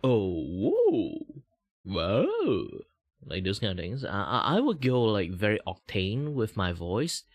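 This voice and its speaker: Speaking at a normal speed with few pauses and no echo, a young man streams as a VTuber from Malaysia, his pitch swinging widely between highs and lows. Mandarin is his first language, and his Malaysian English has a light British lilt as he rambles casually and draws out his words.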